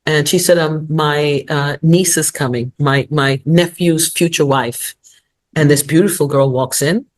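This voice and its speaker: A woman's voice: sits low, measured pace. A woman in her sixties, a guest on an interview show, telling stories and giving motivational advice with frequent laughter. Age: 60s. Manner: lively, laughs often, motivational, storytelling. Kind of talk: casual interview talk.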